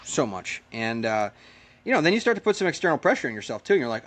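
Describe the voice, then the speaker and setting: A fast-talking American man telling racing stories in a relaxed interview. His voice sits at a middle pitch, and he rattles along with fillers and acts out what people said to him. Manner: animated, chatty, lots of fillers and acted-out quotes. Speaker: race car driver guest. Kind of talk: casual interview storytelling.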